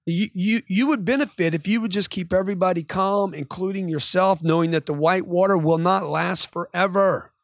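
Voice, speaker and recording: A man giving an animated sales-coaching monologue, acting out angry customers with sudden loud outbursts. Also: high-pitched, moderate pace, few pauses, no echo, clean studio sound. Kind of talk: motivational monologue.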